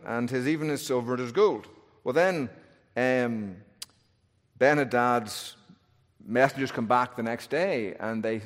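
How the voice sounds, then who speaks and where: Male preacher, medium voice, wry storytelling sermon, church hall echo. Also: mid-range voice. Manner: storytelling with wry humor and shifting emphasis. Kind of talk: expository sermon. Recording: long hall reverb.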